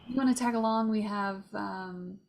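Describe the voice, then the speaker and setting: A woman's voice: mid-range voice, normal speed, vocal fry, darkish tone, a little hiss or hum, low-quality recording. A woman taking part as a player in a tabletop role-playing game, speaking hesitantly with many fillers.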